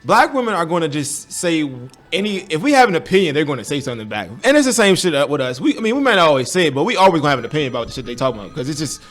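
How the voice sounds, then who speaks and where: A man co-hosting a podcast, reasoning his points aloud in an expressive way in casual chat. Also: on the high side, very fast, few pauses, faint music behind. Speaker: podcast co-host.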